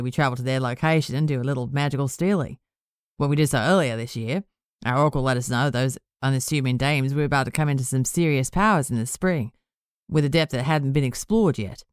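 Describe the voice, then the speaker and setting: A boastful male warlock who talks down to everyone as if it were a casual chat, voiced by a woman reading an audiobook. The voice sits low and dry. He sounds self-satisfied. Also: smooth, no echo. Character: smug boastful Australian male warlock leader.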